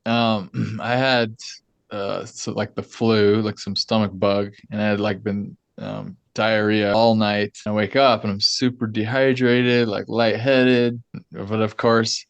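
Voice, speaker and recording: A man's voice: fairly low pitch, flat delivery, slow pace, vocal fry, no room sound, muffled recording. A man hosting a podcast, telling a story in a chatty, loose way with lots of fillers and laughs. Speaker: podcast host. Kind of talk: casual chat.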